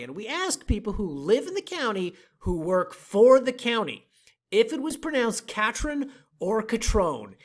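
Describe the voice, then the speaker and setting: A woman hosting a land sales video, reading a scripted promotional voice-over in a playful, jokey, emphatic way. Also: mid-range voice. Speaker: land sales company host.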